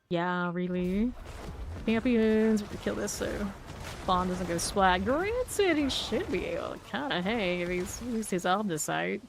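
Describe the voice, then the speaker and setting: A woman's voice: mid-range voice, lively intonation, a little slow, vocal fry. A woman streaming a game, chatting casually with viewers, laughing often and reading their messages aloud. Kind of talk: casual gameplay chat. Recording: faint background noise.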